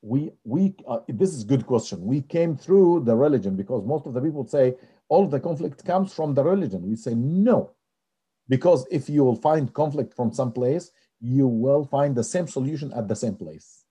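Husky, animated man telling stories. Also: mid-range voice, moderate pace. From Israel. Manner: animated, non-native phrasing, many hesitations. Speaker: religious leader and peace activist.

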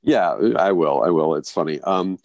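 A man with a very low voice tells a reflective personal story as an interview guest. He talks haltingly, restarting phrases and adding fillers as he goes. The sound is dry and close. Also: darkish tone, no room sound. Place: near a big US city.

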